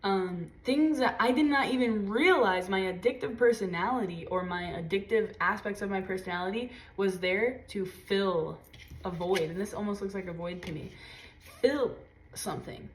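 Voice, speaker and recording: A woman giving a casual tarot reading, talking intensely and swearing freely. She drops to low murmurs and jumps to high exclaims as she gives a spiritual pep talk. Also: normal speed. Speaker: tarot reader.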